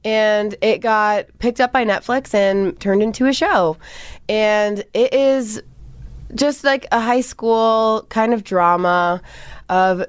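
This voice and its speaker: A woman's voice: mid-range voice, steady tone, slow, smooth, dry recording. Chatty young woman radio co-host. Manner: chatty, laughs often, many fillers. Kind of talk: casual radio chat.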